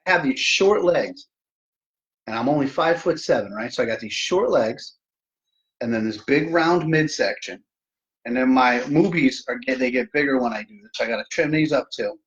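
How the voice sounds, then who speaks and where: A man's voice: mid-range voice, lively intonation, moderate pace, fairly bright tone, lo-fi sound. A middle-aged man hosting a casual live stream from home, joking at his own expense and talking straight to his viewers. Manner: joking, self-mocking, talks straight to viewers. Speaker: livestream host.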